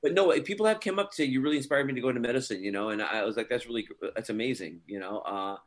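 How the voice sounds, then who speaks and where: A man's voice: medium pitch, racing. A man being interviewed as an actor guest, telling stories in a chatty way with many fillers and frequent laughter. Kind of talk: casual interview chat.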